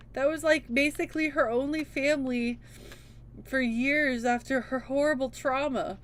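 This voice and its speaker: A woman's voice: high voice, steady tone, normal speed. A young woman streaming a game, chatting casually and emotionally with lots of fillers. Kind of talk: casual chat.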